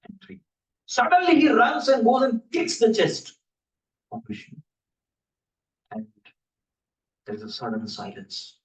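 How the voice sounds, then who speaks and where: Man, preacher, sermon storytelling, playful jokes, higher voice, far from mic. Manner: humorous, playful asides to the audience. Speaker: preacher giving a scripture class. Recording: roomy hall, voice from a distance.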